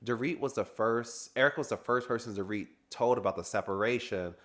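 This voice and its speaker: A man's voice: medium pitch, fairly quick. A man giving a casual, sassy recap review of a reality TV reunion, chatting and laughing as he goes.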